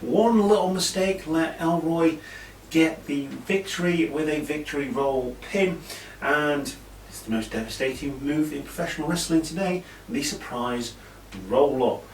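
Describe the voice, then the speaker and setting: A faint hiss and an echoey room come through a distant mic as a British man casually recaps an old wrestling event, rambling with asides and fillers. He reviews wrestling shows, speaking at a measured pace in a voice on the high side.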